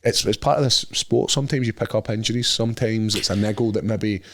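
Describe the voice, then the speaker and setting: A man's voice: fairly low pitch, fast talker, a little hiss or hum. A Scottish man in his thirties, co-hosting a podcast in casual chat, telling stories animatedly and swearing freely. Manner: swearing, animated storytelling with voices for others. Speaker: podcast co-host.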